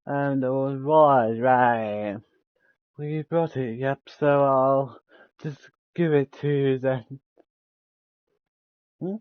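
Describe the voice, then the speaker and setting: A man's voice: mid-range voice, extremely slow, pauses often, no echo, phone-quality sound. A man streaming a game, reading its dialogue aloud, stumbling over words, restarting lines and laughing between them.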